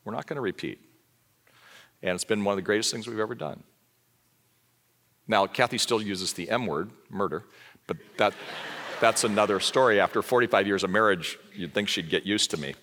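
A man's voice: lowish voice, moderate pace, long pauses. A man in his sixties from Southern California, preaching a sermon full of personal stories and acted-out dialogue. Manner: lively storyteller, acts out dialogue.

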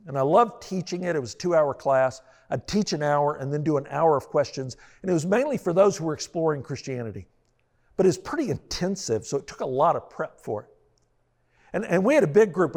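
Guy preaching, telling a funny story on himself, fairly high voice, long echo from a big room. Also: fairly quick. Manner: animated, self-deprecating storyteller. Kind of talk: storytelling sermon. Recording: long reverb of a large hall.

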